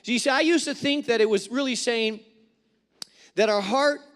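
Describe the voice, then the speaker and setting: A man preaching a sermon as a pastor, telling stories in an animated way and acting out the voices of people in them. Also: extremely high pitch, moderate pace, long reverb tail. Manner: animated storytelling with acted-out quotes. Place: church sanctuary.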